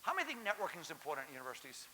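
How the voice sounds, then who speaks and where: A middle-aged man giving a lively conference keynote, joking and quizzing the audience. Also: a little high, rapid-fire. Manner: animated, jokey, quizzes the audience. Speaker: keynote speaker. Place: large lecture hall. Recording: hissy hall reverb.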